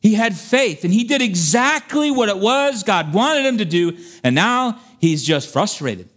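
A man preaching a sermon in an animated, humorous way, acting out scripture stories as he teaches. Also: high-pitched, measured pace.

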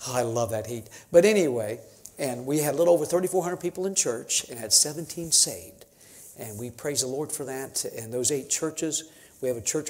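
A man's voice: mid-range voice, a little mellow. A man in his fifties, a missionary preaching a sermon in church, folksy and conversational, building to emphatic preaching. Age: 50s. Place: church sanctuary.

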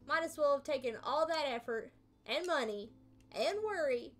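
A woman reading aloud the lines of a reproachful middle-aged mother from a game, in a mostly natural, high voice. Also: expressive, moderate pace.

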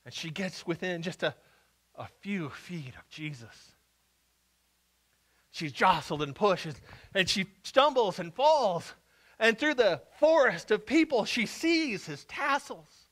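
A male pastor with a high, bright voice, preaching a sermon. He tells the story dramatically, dropping to a hush and then rising again with a lively, swooping pitch. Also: slow. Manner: dramatic storytelling, shifting from hushed to loud.

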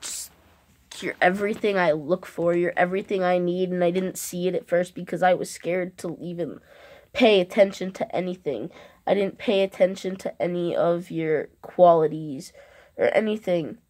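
A woman records a heartfelt message to the person she loves, speaking straight to camera. Her voice sits on the low side, and she talks earnestly and haltingly, pausing often between phrases. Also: darkish tone. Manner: earnest, halting, with long pauses. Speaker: vlogger.

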